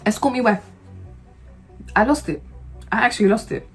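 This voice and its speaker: A woman's voice: a little high, normal speed, over music. A woman vlogger telling a personal story in a casual, humorous, slangy way, getting heated as she relives the anger.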